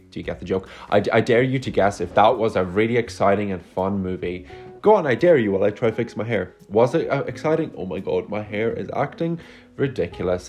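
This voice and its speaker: A man with a fairly low voice rambles through a casual movie review, dry and sarcastic, recorded on a phone mic indoors. Faint music plays underneath. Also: a little mellow. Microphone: phone microphone.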